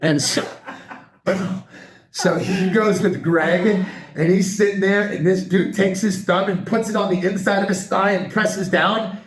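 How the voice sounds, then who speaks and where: A middle-aged man, a martial arts instructor co-hosting a podcast, telling stories in a loose, animated way, acting out the quotes and dropping "man" and "dude". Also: high-pitched, unhurried, reverberant, a crowd in the background. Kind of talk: casual chat.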